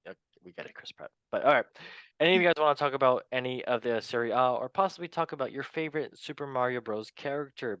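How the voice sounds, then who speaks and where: A man hosting a casual football chat show, with a bright, forceful voice recorded close and dry. He keeps it jokey and loose, calling out to his audience. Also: mid-range voice, dry recording.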